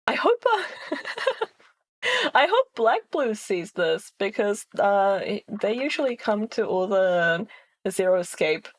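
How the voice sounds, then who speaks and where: A woman streamer with a medium-pitched voice chats casually and slowly with her viewers, her pitch swinging widely. She's playful, reads chat aloud and giggles often between phrases.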